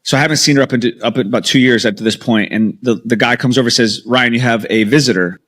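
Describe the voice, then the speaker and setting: A man's voice: mid-range voice, fairly even intonation, racing, a bit bright. A man in his thirties, a podcast guest, candidly retelling his past in an emotional, story-driven way with lots of quoted dialogue. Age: 30s. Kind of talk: storytelling interview.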